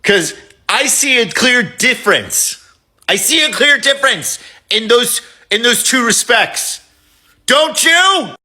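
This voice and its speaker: A man's voice: very high-pitched, very animated, takes it slowly, bright, forceful tone. A man giving an emotional, impassioned reaction monologue, swearing as he talks. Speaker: commentator reacting to a video.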